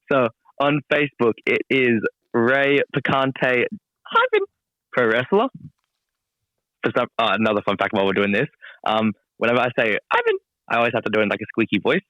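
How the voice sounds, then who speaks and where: A man's voice: medium pitch, fairly bright tone, dry recording, highs cut off. A man, a pro wrestler as guest, talking casually with dry, self-deprecating humor. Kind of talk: casual interview chat.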